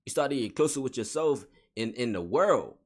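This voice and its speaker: A man's voice: mid-range voice, animated, brisk, slightly rough. A man giving a spiritual motivational monologue in casual slangy talk, repeating and restating each phrase with emphasis. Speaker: vlogger.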